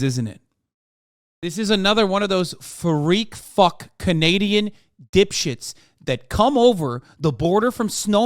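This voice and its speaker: A man's voice: high-pitched, no echo, studio quality. A man livestreaming, giving heated, profane, sarcastic commentary while reacting to a news piece.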